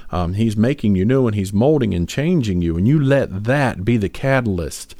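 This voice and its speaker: A man with a low voice talks through matters of faith on a podcast, earnest and meandering, often restarting his sentences. The sound is dry and close, with no room around it. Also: darkish tone, dry recording. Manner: earnest, rambling, many fillers and restarts. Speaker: podcast co-host. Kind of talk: casual faith discussion.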